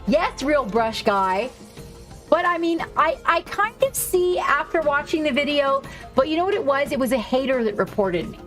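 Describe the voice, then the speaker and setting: Chatty woman from Hawaii, fairly high voice. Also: big pitch swings, a bit bright, faint music behind. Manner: chatty, rambling, quick to swear and laugh. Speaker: streamer. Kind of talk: casual chat with stream viewers while painting.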